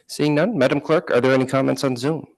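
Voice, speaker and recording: A man chairing a city council meeting, reading the procedural rules in a measured way. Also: mid-range voice, gravelly, darkish tone, no echo, poor audio. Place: council chamber.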